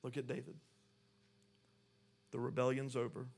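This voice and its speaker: A man's voice: mid-range voice, monotone, normal speed, gravelly, a little mellow, slightly rough. A man preaching a sermon, reading scripture aloud and then pressing his point with rising intensity. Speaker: pastor.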